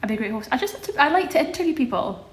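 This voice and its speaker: A woman's voice: high voice, sing-song, very fast. Chatty young woman on a live stream. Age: young adult. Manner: chatty, answers viewer comments. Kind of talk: casual live-stream chat. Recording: echoey room with faint ambience.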